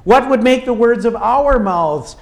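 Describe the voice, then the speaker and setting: A man preaching a sermon, emphatic and dramatic, often dropping to a quiet, low delivery for weight. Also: animated, creaky. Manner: slow, emphatic preaching with dramatic drops in volume.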